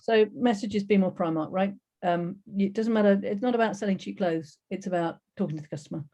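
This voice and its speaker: A woman's voice: medium pitch, fairly quick, warm tone. A woman giving a chatty, enthusiastic webinar presentation over a video call, with many fillers.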